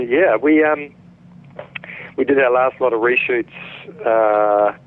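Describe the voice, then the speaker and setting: A middle-aged man from New Zealand with a New Zealand accent, an actor telling stories in a relaxed interview, chatty with many restarts. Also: mid-range voice, takes it slowly. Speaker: actor guest. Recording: tinny phone-line sound.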